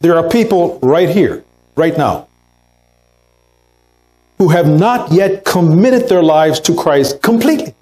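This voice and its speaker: Slow, earnest man preaching a sermon. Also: fairly high pitch, lively intonation, dark tone, rough recording. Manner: earnest preaching, acts out quotes in a raised voice. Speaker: pastor. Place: church sanctuary.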